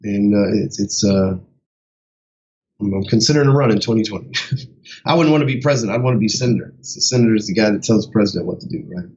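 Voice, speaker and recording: A man's voice: fairly low pitch, fast, darkish tone, dull audio. A man who coaches sales, giving a casual motivational talk in a blunt, heavily profane way.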